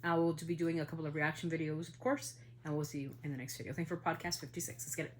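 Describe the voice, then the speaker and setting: Woman podcast host, upset and indignant, heated rant with swearing, lowish voice, faint room hiss. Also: steady tone, fast. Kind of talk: casual opinion monologue.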